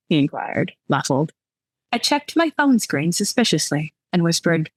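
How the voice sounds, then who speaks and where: Low-voiced woman author, candid and dry. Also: big pitch swings, normal speed, breathy edge, no echo, poor audio. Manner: candid, self-deprecating, laughs easily. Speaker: romance author. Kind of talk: casual chat and reading from her novel.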